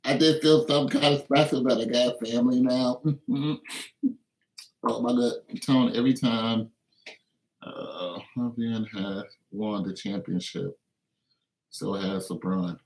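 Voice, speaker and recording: A man hosts a casual livestream, rambling and joking in a mocking way, often breaking into laughter and silly high voices. His intonation is fairly even, his tone darkish, and he talks a little slowly. The room around him is echoey.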